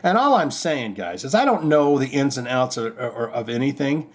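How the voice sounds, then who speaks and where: A man hosts a rock news podcast in a loose, offhand way, wandering off topic with fillers and restarts. His voice sits at a mid pitch for a man. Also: big pitch swings, moderate pace. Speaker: podcast host. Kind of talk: casual rock news chat.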